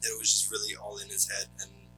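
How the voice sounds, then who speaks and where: A man co-hosting a podcast, recapping a movie scene by scene in casual chat, often pausing on "um" and "uh". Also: on the low side, a little hiss or hum, poor audio. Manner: steady recap, frequent ums and uhs. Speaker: podcast co-host.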